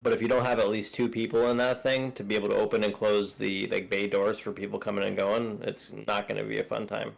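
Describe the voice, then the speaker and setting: A man's voice: lowish voice, little pitch movement, quick pace, vocal fry, hardly any pauses, rough recording. A man chatting casually while playing a space game with friends, laid-back and full of fillers. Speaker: streamer. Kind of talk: casual gaming chat.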